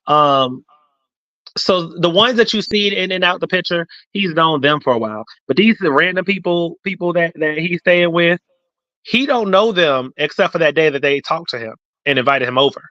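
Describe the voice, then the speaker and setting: A man with a fairly high voice hosts a casual online chat. He explains things in an animated way and acts out quotes as he goes. The audio sounds dull and dry. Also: moderate pace, no room sound. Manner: animated storyteller who acts out quotes and reads viewer comments aloud.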